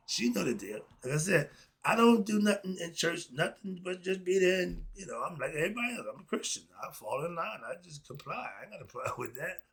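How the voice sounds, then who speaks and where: Male host, casual monologue; husky, gravelly delivery, drawn-out stresses, punchy rhetorical questions. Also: medium pitch, fairly bright tone. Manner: emphatic, asks himself rhetorical questions and answers them. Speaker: host of his own online channel.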